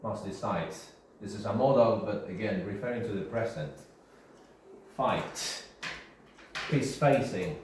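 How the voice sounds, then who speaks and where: A man's voice: fairly low pitch, a little slow, darkish tone. A male English teacher giving a classroom grammar lesson, repeating key terms and checking in with his students. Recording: very echoey room, faint background hiss.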